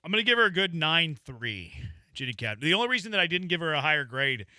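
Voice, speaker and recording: A man's voice: fairly high pitch, big pitch swings, quick pace, sharp tone, no room sound. A man hosting a sports radio show, joking and playful in casual banter with his co-hosts.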